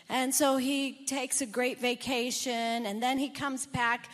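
A woman's voice: on the high side, fairly even intonation, unhurried, fairly bright tone, in a large hall. A woman pastor preaching a sermon, telling a story in an earnest manner.

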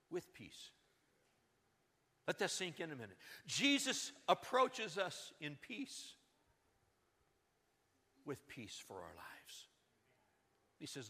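High, ringing male pastor voice, dramatic shifts from loud to hushed, church-hall reverb. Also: slightly rough. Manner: dramatic swings between loud urgency and hushed emphasis. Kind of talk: sermon. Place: church sanctuary.

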